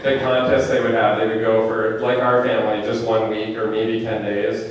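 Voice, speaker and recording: Heard from far off in an echoey theater auditorium, a film director with a lowish, monotone voice takes audience questions at a screening through a handheld microphone. He talks in a casual, rambling, chatty way, packed with fillers and quick asides.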